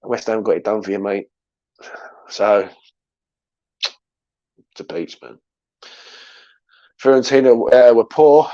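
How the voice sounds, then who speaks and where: A man's voice: on the low side, lively intonation, takes it slowly, pauses often, warm tone, dry recording, lo-fi sound. A man who hosts a football fan channel, talking casually and emotionally on a live stream, swearing often and answering chat comments.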